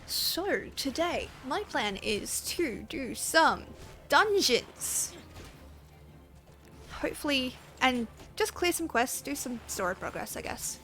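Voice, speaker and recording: A woman's voice: high voice, big pitch swings, slow, sharp tone, faint music behind. A woman game streamer chatting casually and giggling, swearing now and then. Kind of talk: casual live-stream chat.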